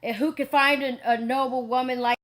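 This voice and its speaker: A woman's voice: high-pitched, steady tone, brisk, fairly bright tone. A woman telling a rambling personal story on a livestream, with many giggles and "you know"s. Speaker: online preacher and streamer.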